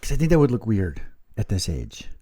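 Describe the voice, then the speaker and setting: A man's voice: fairly low pitch, huge pitch swings, brisk, mellow, breathy edge. A man, co-hosting a casual chat podcast and teasing his partner in a playful way. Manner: playful, teasing, breaks into silly voices and laughs. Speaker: podcast co-host.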